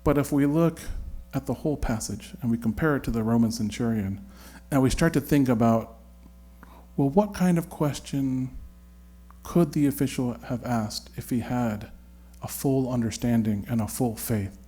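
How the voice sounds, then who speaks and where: Guy teaching a bible study, chatty and thinking out loud, lots of restarts. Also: medium pitch, moderate pace, breathy edge. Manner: conversational and searching, with hedges and restarts.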